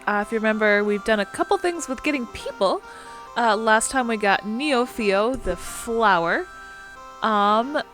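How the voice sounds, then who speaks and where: A woman's voice: fairly high pitch, a bit bright. Chatty woman narrating gameplay. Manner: chatty, rambling, lots of fillers. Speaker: video game let's player. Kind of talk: casual gameplay commentary.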